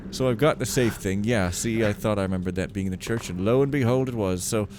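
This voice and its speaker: A man's voice: fairly low pitch, fast talker, darkish tone, slight background noise. Rambling, jokey man talking over gameplay. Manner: rambling, jokey, reads in-game letters aloud with a raised voice. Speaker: gameplay commentator. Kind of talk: casual let's-play commentary.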